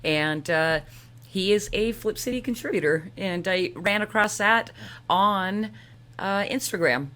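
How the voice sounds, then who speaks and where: A woman's voice: medium pitch, a little slow, a bit bright. A woman co-hosting a live show, chatting casually in a rambling, candid way. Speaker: co-host.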